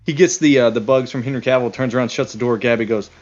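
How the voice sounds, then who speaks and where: A man's voice: mid-range voice, steady tone, quick pace, darkish tone, muffled recording, faint music behind. A man co-hosting a podcast, recapping a movie's plot with wry asides in casual chat. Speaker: podcast co-host.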